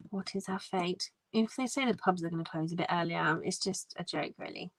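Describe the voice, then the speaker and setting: A woman's voice: lowish voice, brisk, hardly any pauses, dry recording, low-quality recording. Chatty woman with a dry sound. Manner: chatty storytelling with frequent restarts and quoted dialogue. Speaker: live stream host. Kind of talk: casual chat.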